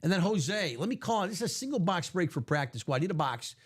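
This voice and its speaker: A man hosting a live card break stream, upbeat and jokey, reading out names and spots quickly. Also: sits high, sing-song.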